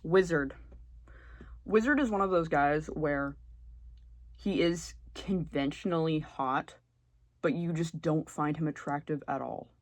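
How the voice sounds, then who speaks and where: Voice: mid-range voice, measured pace, pauses often, dry recording. A young adult YouTuber giving blunt, sarcastic, casual comedic commentary and swearing freely. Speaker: YouTuber ranking game characters.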